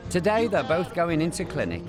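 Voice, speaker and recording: Older male presenter, camp and cheeky, animated delivery, music bed. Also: fairly high pitch, fairly quick. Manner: camp, joking asides, cooing at dogs. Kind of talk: documentary narration and chat.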